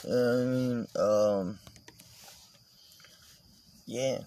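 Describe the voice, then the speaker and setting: A man's voice: on the low side, unhurried, a little hiss or hum. A man vlogging in a casual, meandering monologue, swearing and joking as he goes.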